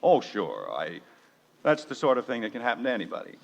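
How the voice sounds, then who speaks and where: An exasperated sitcom dad. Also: male voice, mid-range voice, huge pitch swings, brisk, gravelly. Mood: irritated. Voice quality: dry sarcastic. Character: exasperated middle-aged family father, sardonic. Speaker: radio sitcom lead actor. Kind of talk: 1940s radio acting. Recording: dull old radio broadcast with hiss.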